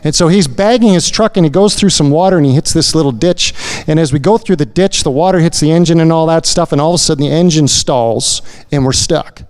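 A man addresses his congregation in a smooth, resonant voice set a little high for a man. He talks conversationally and keeps checking in with the room through little "you know"s and "right?"s. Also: a little fast, darkish tone. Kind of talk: sermon-style testimony.

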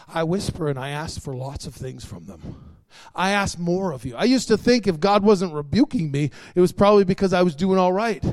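Animated high-voiced male preacher. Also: dry recording, clean studio sound. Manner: animated, swings between shouting and soft asides, laughs. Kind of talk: sermon.

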